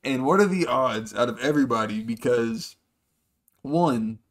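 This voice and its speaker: Speaking a little slowly in an animated, mid-range voice, a man hosting a podcast rambles through a long, profane story. He performs other people's quotes, switching voices as he goes, in a casual storytelling monologue.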